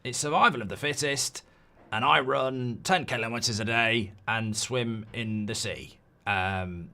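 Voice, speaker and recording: A boastful, ruthless male tycoon, played by a man doing an impression. He drawls slowly and smugly, and his voice sits a little higher than a plain talking voice. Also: vocal fry, pushed and bright. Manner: drawling, self-satisfied, slow. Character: ruthless boastful male billionaire, older, smug.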